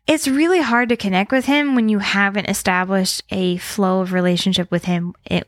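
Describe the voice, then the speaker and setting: A woman co-hosting a relaxed faith conversation, chatty and loose, full of "like" and quick laughs. Her voice sits at a middle pitch. The recording is dry and close, with no room sound. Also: no room sound. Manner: chatty, heavy use of "like", laughs easily. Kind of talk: casual faith chat.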